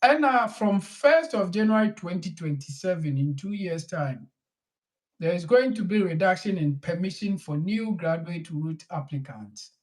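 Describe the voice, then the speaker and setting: A man, a lawyer who explains immigration rules slowly and mixes English legal terms into his Twi. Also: high voice, expressive. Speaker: lawyer answering questions. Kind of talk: explanatory talk in a live online session.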